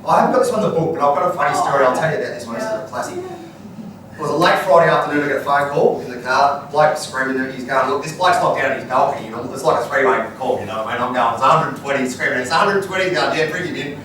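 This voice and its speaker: An Australian business owner appearing as a guest speaker fields audience questions live, speaking bluntly and colloquially as he tells stories. He talks fast, with an expressive, medium-pitched, fairly bright voice. The recording has a distant mic in a noisy, echoey room.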